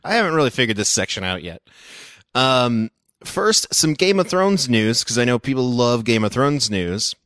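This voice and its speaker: A man co-hosting a podcast who runs through the show news with quick, joking remarks. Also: mid-range voice, animated, fairly bright tone, smooth, dry recording, studio quality. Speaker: podcast co-host. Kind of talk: casual podcast chat.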